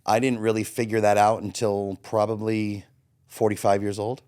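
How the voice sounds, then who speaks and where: A man's voice: lowish voice, normal speed, clear, resonant tone. Blunt, swearing man in his forties. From Florida. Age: 40s. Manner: blunt, swears freely, animated when quoting himself. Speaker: interview guest. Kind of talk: candid personal storytelling.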